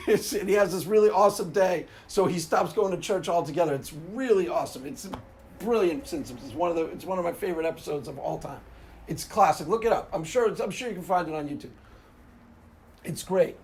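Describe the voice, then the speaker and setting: Host in a casual monologue: a man who talks emphatically, gets animated, and laughs easily. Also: high-pitched, moderate pace. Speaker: Christian apologetics channel host.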